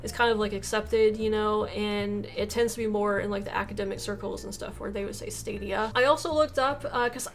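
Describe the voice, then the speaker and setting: A woman's voice: medium pitch, steady tone, brisk, vocal fry, hardly any pauses, soft background music. An American woman hosting a reaction video, chatting casually to her viewers in a rambling, self-correcting, playful way. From United States. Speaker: YouTube reaction host. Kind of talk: casual chat to camera.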